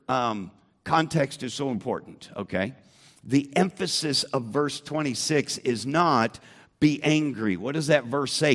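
Guy teaching a bible class, slow and deliberate, middle pitch, keeps asking the room stuff. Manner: slow, emphatic, asks the room questions. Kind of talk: church teaching with questions to the audience.

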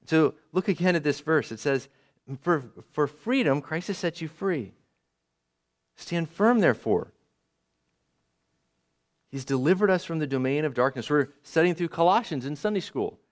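Animated preaching man with lively pitch. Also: normal speed, pauses often. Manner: emphatic, conversational preaching with rhetorical questions. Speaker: pastor. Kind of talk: sermon.

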